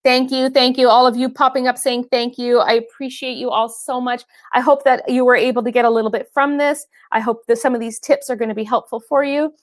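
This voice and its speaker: A chatty woman trainer hosts a live online session and talks straight to her viewers, calling them by name and laughing often. Her voice sits a little high. The sound is dry and close, with no room echo. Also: fairly even intonation, fairly quick, few pauses. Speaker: fitness trainer hosting a live stream. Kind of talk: casual live-stream chat.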